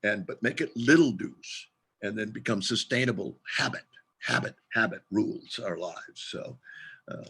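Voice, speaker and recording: A man's voice: mid-range voice, creaky, bright, forceful tone, slightly rough. A man leading a group tarot session over a video call, talking in an emphatic, playful and exhorting way.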